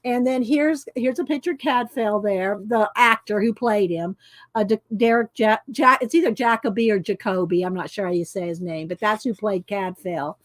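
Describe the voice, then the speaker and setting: A woman's voice: medium pitch, normal speed, no room sound. A woman, chatting casually on a livestream and reading cards aloud, stumbling over names as she goes. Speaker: channel host.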